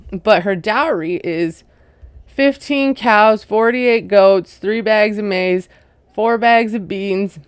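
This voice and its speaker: A woman talks through a reality show recap in a relaxed, chatty way, sprinkling in "like" and "you know". Her voice is smooth and clear at a mid pitch, recorded close and dry with no room sound. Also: no echo. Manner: chatty, retelling scenes with lots of "like" and "you know"; amused, laughing at what she retells. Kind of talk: casual recap commentary.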